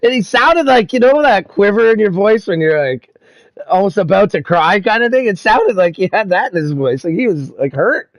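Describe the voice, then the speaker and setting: Young male sim-racing streamer, relaxed and profane, voice a bit high, close dry mic. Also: normal speed, no room sound. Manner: laid-back, swears and laughs often. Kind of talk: casual chat over voice chat.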